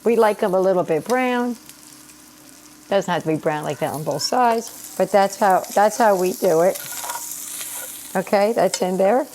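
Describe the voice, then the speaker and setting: A woman's voice: mid-range voice, measured pace, pauses often, darkish tone. A middle-aged woman with a slightly scratchy voice from allergies, chatting her way through a home cooking video and explaining each step as she goes. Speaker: home cook and channel host. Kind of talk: casual cooking vlog. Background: sizzling pan in a home kitchen.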